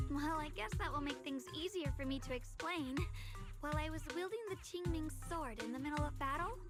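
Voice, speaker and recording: Game dub: a high-voiced young swordswoman, earnest, a bit anxious, with music behind. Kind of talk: video game character dialogue.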